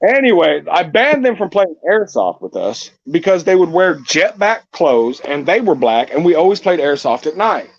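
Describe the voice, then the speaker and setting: A man's voice: fairly high pitch, moderate pace, hardly any pauses. A man hosting a casual live chat, telling stories with lots of swearing. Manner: profane, animated storyteller. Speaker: channel host. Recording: dull lo-fi dry sound.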